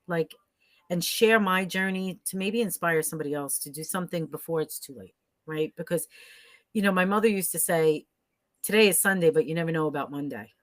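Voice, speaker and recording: A woman's voice: on the low side, brisk, dry recording. A middle-aged woman as a podcast guest, speaking earnestly and reflectively, often ending with "right?" and laughing easily. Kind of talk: conversational interview.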